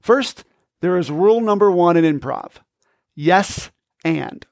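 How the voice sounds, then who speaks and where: A man's voice: high voice, takes it slowly, gravelly, a little mellow, no echo. A man hosting a podcast, giving scripted, upbeat, instructive narration into a close mic. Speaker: podcast host.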